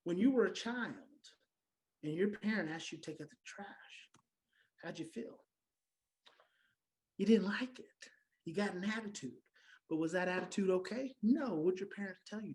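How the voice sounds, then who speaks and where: A woman's voice: fairly low pitch, lively intonation, moderate pace, pauses often, darkish tone, rough recording. A woman giving a teaching talk on parenting adopted children, emphatic and repeating her key phrases, now and then acting out everyday reactions. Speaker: conference speaker on adoption parenting.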